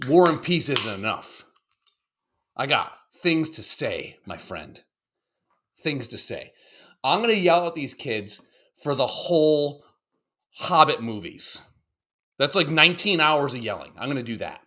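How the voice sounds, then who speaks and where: A man in his thirties co-hosting a podcast at a middle pitch. He rambles and swears freely, restarting his sentences often. He acts out the people he talks about in put-on voices. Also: pushed and bright. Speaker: podcast co-host. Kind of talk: casual chat.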